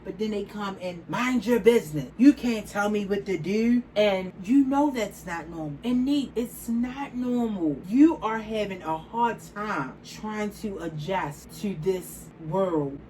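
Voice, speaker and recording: A woman's voice: medium pitch, lively intonation, a little slow, hardly any pauses, dark tone, a little hiss or hum, low-quality recording. A woman in her forties talking casually to camera, outspoken and emphatic, repeating phrases for stress. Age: 40s. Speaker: vlogger.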